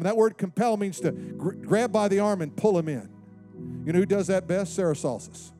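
Pastor guy preaching, high mellow voice, acts out quotes, bit of music behind. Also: a little fast. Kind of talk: sermon.

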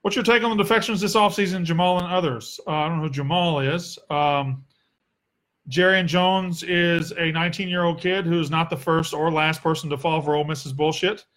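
This sports podcast host is a young Southern US man whose voice runs a little high and a little fast, with a fairly bright tone. Running a casual Q&A on his own, he comes across as blunt, sarcastic, and free with profanity.

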